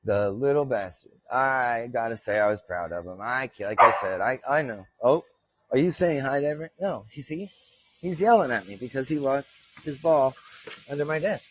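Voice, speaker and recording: A man's voice: mid-range voice, expressive, moderate pace, fairly bright tone, a little hiss or hum. Guy rambling on his live podcast, jokey and sweary, kinda dull muffled sound. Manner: rambling, joking, swears casually. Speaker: podcast host. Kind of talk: casual live chat. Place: home desk with his dog nearby.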